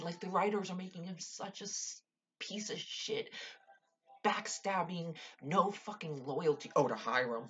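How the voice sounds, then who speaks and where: A woman's voice: low-pitched, breathy edge. A young woman ranting casually about a TV show, exasperated, sighing often and swearing freely. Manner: exasperated, frequent sighs and swearing. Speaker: vlogger. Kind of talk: casual TV recap rant.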